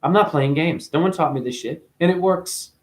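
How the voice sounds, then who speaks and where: A man's voice: on the high side, moderate pace. A man delivering a profane, preachy spiritual rant straight at his viewers, swearing freely as he lectures them. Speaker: vlogger.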